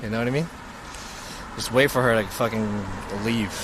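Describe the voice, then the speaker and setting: A young man streaming live, telling a story in a slangy, profane, animated way. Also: lowish voice, moderate pace. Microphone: mobile streaming mic. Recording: loud street and traffic noise.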